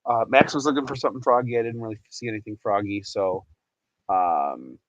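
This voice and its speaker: A man's voice: lowish voice, a little fast, no room sound, muffled recording. A man hosting a casual livestream, chatty and rambling, laughing often and reading out chat messages. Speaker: livestream host.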